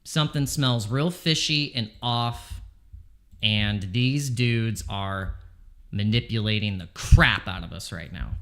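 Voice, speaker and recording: Speaking slowly in a lowish, slightly bright voice, a man streams his crypto trading live from his home. His commentary is anxious, and he keeps begging the market again and again.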